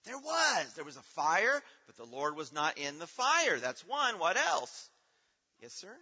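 His voice is on the high side, pushed, bright and slightly rough, with wildly swooping pitch and an unhurried pace. He's leading a children's Bible program in a church hall, quizzing and praising the kids, captured in dull lo-fi audio with heavy reverb.

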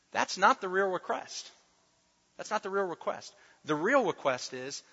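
A male pastor delivers a sermon, driving home his points by repeating key phrases and dropping in playful asides. His voice is high and very bright. It carries through a reverberant hall on a somewhat dull recording. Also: lively intonation, a little slow, husky.

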